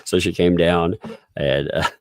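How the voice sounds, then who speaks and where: A man's voice: low-pitched, fairly even intonation, a little slow, darkish tone, no echo. Guy hosting a live stream, rambly and chuckly, super dry close sound. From Oklahoma. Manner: rambling, chuckles often, thanks viewers. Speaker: livestream host. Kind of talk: casual live stream chat.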